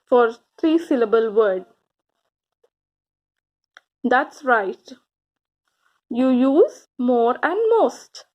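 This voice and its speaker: Slow, high-voiced woman teaching children. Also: darkish tone, muffled recording. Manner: slow, encouraging, drawn-out words with pauses for answers. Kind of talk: grammar lesson for children.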